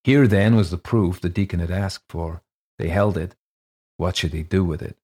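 A man reading a ghost story aloud as an audiobook narrator, measured and even. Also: low voice, breathy edge.

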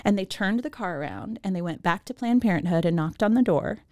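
A woman's voice: mid-range voice, expressive, a little fast, a little mellow, no room sound, studio quality. A middle-aged woman from Oregon, an executive director, telling her personal story in an interview, earnest and emotional. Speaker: executive director of a pregnancy center.

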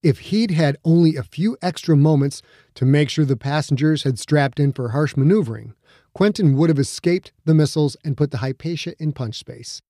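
Gravelly, mellow male audiobook narrator. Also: a little high, no echo, clean studio sound. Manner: steady, measured storytelling. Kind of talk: scripted narration.

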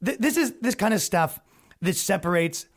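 A man's voice: sits high, moderate pace. A young man hosting a podcast, ranting and telling funny stories in a loose, profane way, often acting out the people he quotes. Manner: animated, profane, quotes people in acted voices. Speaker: podcast host. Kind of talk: casual storytelling rant.

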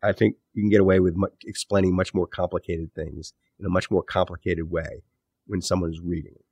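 A man's voice: deep voice, steady tone, fairly quick, creaky, a little mellow, husky, dry recording, highs cut off. A man being interviewed as an author, talking in a thoughtful, rambling way and often correcting himself mid-sentence. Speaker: author and podcast host, interview guest. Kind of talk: casual interview talk.

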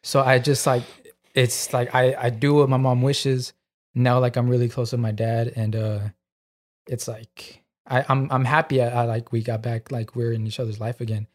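A man's voice: mid-range voice, moderate pace. A man in his twenties, a podcast co-host, talking casually with lots of fillers. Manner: flat, filler-heavy talk. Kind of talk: casual chat.

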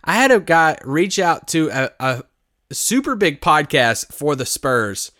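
A man's voice: on the high side, sing-song, a little slow, bright, forceful tone, no room sound, studio quality. A man co-hosting a casual sports podcast, trading jokey, teasing banter. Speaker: podcast co-host.

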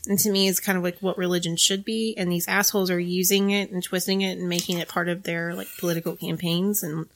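A woman co-hosting a casual comedy chat, animated and slangy, laughing easily. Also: fairly low pitch, fast. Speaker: podcast co-host.

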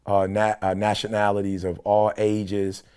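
Guy with a kinda low voice telling a long story on a podcast, acting out what people said. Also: a little slow, clear, resonant tone. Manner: animated, quoting people in dialogue. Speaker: podcast co-host. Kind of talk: casual storytelling. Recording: conference call.

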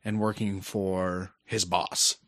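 A man's voice: sits low, little pitch movement, slow pace, fairly bright tone, no echo, clean studio sound. A man co-hosting a casual gaming podcast, rambling with many fillers and frequent laughs. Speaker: podcast co-host.

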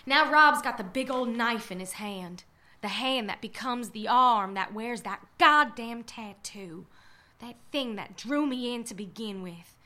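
An actress playing a drunk, frightened young woman who narrates her own ordeal, halting and stammering. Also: on the high side, pushed and bright. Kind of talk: first-person audio drama narration.

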